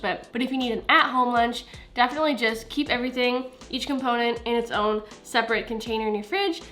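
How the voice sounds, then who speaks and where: A woman's voice: a little high, fairly bright tone. A young woman giving a chatty, laid-back cooking voiceover for her vlog, often saying "like". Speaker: cooking vlogger. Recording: faint music behind.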